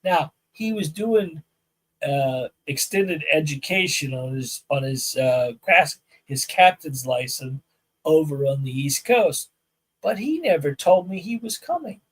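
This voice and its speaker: A man hosting a live podcast as a firearms instructor, chatting casually with viewers and telling animated stories where he acts out both sides of conversations. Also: on the high side, unhurried, husky, poor audio. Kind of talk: casual live-stream chat. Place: outdoor shooting range.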